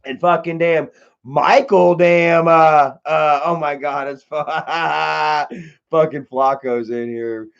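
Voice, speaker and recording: A man's voice: on the high side, fairly even intonation, unhurried, muffled recording. A man hosting a livestream, telling a rambling, profane story to his chat, with "man" and "bro" after nearly every phrase. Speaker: livestream host. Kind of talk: casual storytelling to live chat.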